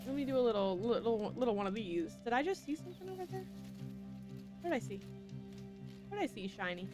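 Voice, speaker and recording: Bubbly high-voiced woman streaming a game. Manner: chatty, laughs at her own slips. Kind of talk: casual gameplay streaming.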